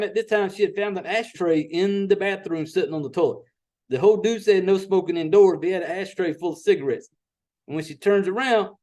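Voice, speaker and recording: High-voiced Southern man recapping a movie. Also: mellow. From Southern United States. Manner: profane, rambling storyteller. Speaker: podcast host.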